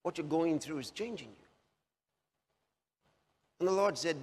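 A man preaching a sermon, slowly repeating key phrases for emphasis. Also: on the high side, animated, husky. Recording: long hall reverb.

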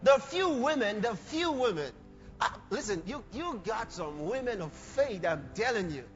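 A man preaching a sermon with passion, often shouting lines out and acting out other people's voices. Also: high-pitched, very animated, moderate pace, soft background music. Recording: lo-fi recording with long hall reverb.

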